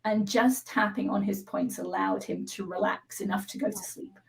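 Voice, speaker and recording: Woman guest, even-tempered teacher voice, steady and step-by-step, keeps asking "right?". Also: mid-range voice, moderate pace, vocal fry, rough recording. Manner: calm, instructive, frequent "right?" check-ins. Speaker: EFT tapping practitioner, guest. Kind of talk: explaining a technique on a live show.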